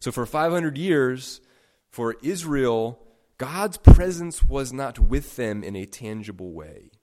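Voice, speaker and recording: A man preaching a sermon, stressing words by stacking them and swinging sharply between soft and loud. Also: medium pitch, expressive, slow. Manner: emphatic, with sharp swings in loudness. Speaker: pastor.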